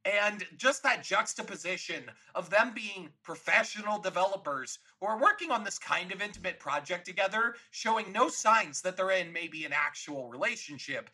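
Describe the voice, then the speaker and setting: Bright, husky-voiced man chatting. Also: sits high, lively intonation, normal speed, hardly any pauses, low-quality recording. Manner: chatty, laughs easily. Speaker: podcast co-host. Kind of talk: casual movie discussion.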